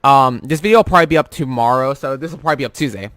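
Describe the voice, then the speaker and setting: A man's voice: mid-range voice, rapid-fire, fairly bright tone, no room sound. A young man rambling through a profane, filler-heavy story about his work, speaking casually as a vlogger.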